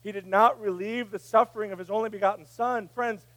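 A man preaching a sermon, dropping to a hush and then rising to a shout. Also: high voice, steady tone, brisk. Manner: preaching, swinging from hushed to shouting. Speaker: pastor.

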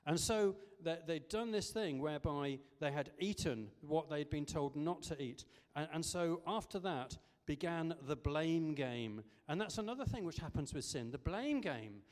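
A man's voice: on the high side, animated, normal speed, few pauses. Chatty preacher man in an echoey hall. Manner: conversational, with frequent ums and restarts. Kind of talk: sermon. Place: church service.

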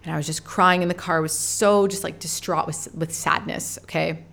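Frank woman with a gravelly low voice. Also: normal speed. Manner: frank and animated, swears casually, laughs often. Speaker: podcast host and meditation teacher. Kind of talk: candid personal storytelling.

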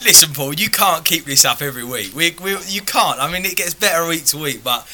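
Very bright-voiced teasing man. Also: fairly high pitch, expressive, fairly quick. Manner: teasing, wry. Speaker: podcast co-host. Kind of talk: casual podcast chat.

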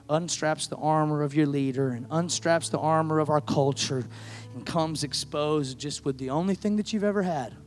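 A man preaching a sermon, moving from quiet storytelling to impassioned shouting. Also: a little high. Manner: builds to impassioned shouting, acts out voices in quotes. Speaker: pastor.

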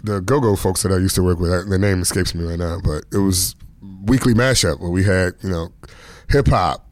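Chill comedian guy from dc, kinda low voice, laughs a lot, dry close sound. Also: fairly quick, dry recording. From Washington, D.C. area. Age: 30s to 40s. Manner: laid-back, chuckling often, loose slang. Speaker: stand-up comedian guest. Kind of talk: casual interview storytelling.

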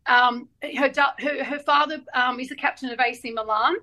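Guest author: a high-pitched Australian woman, animated and chatty, acting out the people in her stories. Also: normal speed, low-quality recording. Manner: animated storyteller, acts out voices in anecdotes. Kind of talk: casual chat.

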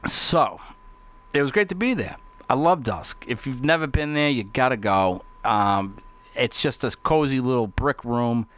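A man talking casually as a podcast host, rambling and swearing constantly, getting excitable. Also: medium pitch, unhurried. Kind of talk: casual profane monologue.

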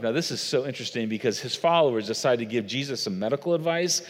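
A man's voice: medium pitch, lively intonation, moderate pace, in a large hall. A man preaching a sermon, earnest and conversational, speaking straight to his listeners. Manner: earnest, conversational, addresses audience directly. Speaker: pastor.

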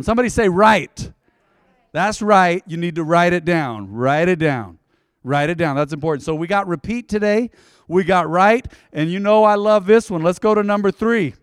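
A man preaching a sermon in a lively, storytelling way, often asking the congregation to repeat his words back to him. His voice sits a little higher than most men's, and it was recorded close and dry with no room echo. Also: clean tone. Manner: animated, storytelling with congregation call-and-response. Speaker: pastor.

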